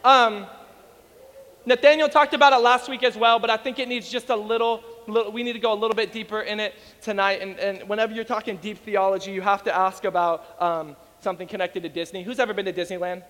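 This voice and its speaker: A man preaching an energetic sermon to a congregation, telling stories and acting out the voices of the people in them. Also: high voice, quick pace, in a large hall. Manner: animated storytelling, acts out voices. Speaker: pastor.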